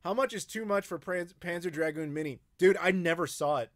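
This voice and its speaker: A man's voice: sits high, brisk. An American man hosting a casual live-stream Q&A, rambling with frequent fillers and profanity. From United States. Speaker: YouTube host answering live chat questions.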